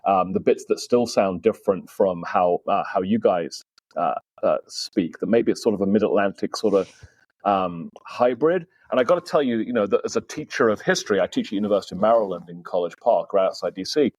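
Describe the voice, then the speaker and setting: Low-voiced British man, dry close sound. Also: expressive, a little fast, a little mellow, no room sound. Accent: British, softened by years in the US. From Britain. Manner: chatty and self-deprecating, with many fillers. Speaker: guest historian. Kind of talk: casual podcast conversation.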